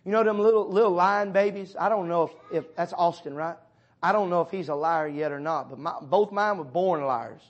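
A pastor preaching a sermon in church, speaking directly to members of his congregation, his delivery swinging from loud urging to hushed tones. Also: sits high, brisk, highs cut off. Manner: addresses listeners by name as brother and sister.

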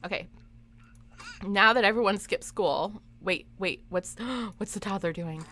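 A woman's voice: mid-range voice, unhurried, pushed and bright, a little hiss or hum. A young woman chatting through a live game stream, giggling often and reacting to her chat. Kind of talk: live gameplay commentary.

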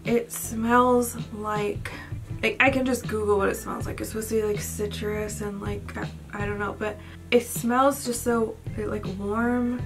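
A woman's voice: medium pitch, level tone, unhurried, over music. A young woman vlogger chatting casually at home, rambling and often unsure how to pronounce names. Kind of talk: casual chat. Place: indoors at home at night.

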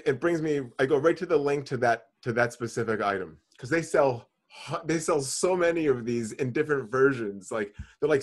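A man co-hosting a podcast, telling a story in casual chat, swearing freely and acting out his own panic. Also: medium pitch. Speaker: podcast co-host.

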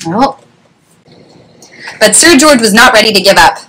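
Animated woman reading a children's story. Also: a little high, unhurried, pauses often, a little hiss or hum, poor audio. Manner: animated, expressive. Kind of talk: children's read-aloud.

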